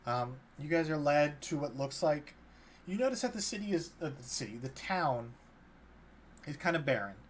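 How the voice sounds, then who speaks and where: A man's voice: a little high, animated, normal speed. A man narrating a tabletop game as game master, loosely, with many fillers. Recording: faint background noise.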